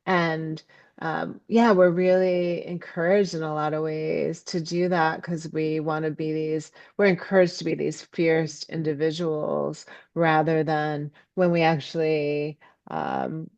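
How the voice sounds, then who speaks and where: A low-voiced woman talks slowly as a podcast guest, pausing often with ums as she searches for words. She brightens when she acts out her own inner thoughts. The sound is muffled, lo-fi and completely dry. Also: dry recording. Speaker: guest, ecopsychology scholar and author. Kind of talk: reflective podcast interview talk.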